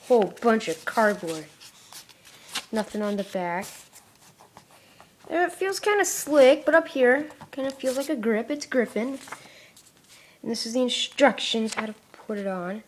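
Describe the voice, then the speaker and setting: A woman's voice: fairly high pitch, expressive, a little slow, pauses often, slight background noise. Rambling young woman unboxing a case. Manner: rambling and self-mocking, dropping to mutters and whispers. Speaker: product unboxing vlogger. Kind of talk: casual unboxing commentary.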